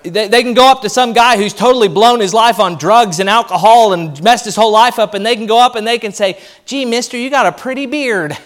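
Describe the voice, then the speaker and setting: A man preaching a sermon as pastor, animated and lively, acting out the voices of people he quotes. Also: high-pitched, fast talker, few pauses.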